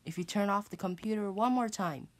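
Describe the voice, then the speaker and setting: A woman's voice: mid-range voice, brisk. Woman giving stern, repetitive computer warnings. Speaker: error message announcer. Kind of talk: scripted computer warning announcement.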